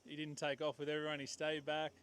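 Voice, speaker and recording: A man's voice: fairly high pitch, monotone, fast, a bit bright. A man, a competing angler, giving easygoing short interview replies. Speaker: tournament angler. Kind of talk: casual interview answers.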